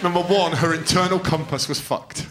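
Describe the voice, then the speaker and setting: A middle-aged man telling stand-up stories, sweary and animated, often laughing. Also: on the high side, normal speed, echoey room, background noise. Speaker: stand-up comedian. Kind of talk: stand-up storytelling.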